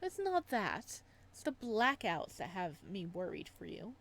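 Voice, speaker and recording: Woman reading as a calm, creepy male psychiatrist. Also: medium pitch, unhurried, vocal fry, pitched below the performer's own voice, full character voice. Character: soft-spoken possessive male psychiatrist. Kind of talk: reading a visual novel's lines aloud.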